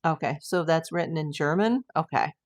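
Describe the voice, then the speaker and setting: An older woman from the United States, hosting a casual livestream, chatting and reading out viewer messages with frequent exclamations. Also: deep voice. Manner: chatty and exclamatory, quick to say wow. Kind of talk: casual live chat.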